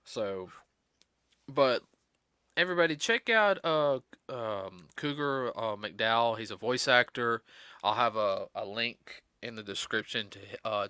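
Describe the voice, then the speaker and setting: A man's voice: mid-range voice, moderate pace, pushed and bright, clear, resonant tone, no echo. A middle-aged man hosting a podcast, rambling in casual chat with many restarts and fillers. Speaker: podcast host.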